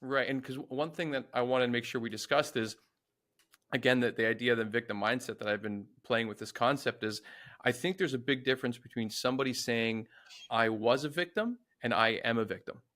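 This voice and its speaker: Male podcast host, thoughtful and exploratory, with an everyday mid-pitched voice. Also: steady tone, brisk, fairly bright tone. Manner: reflective, searching for words. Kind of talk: conversational interview.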